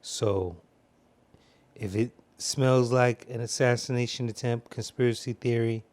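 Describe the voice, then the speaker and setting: A man's voice: mid-range voice, fairly even intonation, unhurried, darkish tone, no room sound. A man giving casual film commentary, telling rambling, profane stories.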